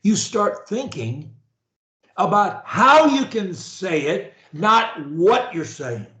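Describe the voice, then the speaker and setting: A man with a high voice that's a bit bright and sing-song coaches a stuttering client on a video call, taking things slowly. The room sounds echoey; he's energetic and emphatic, having the client repeat drilled phrases.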